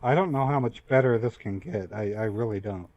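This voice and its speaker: A man's voice: fairly low pitch, a little fast, background noise. A man hosting a prank call with a scammer, mocking and teasing her. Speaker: scambaiter host. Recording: dull lo-fi sound.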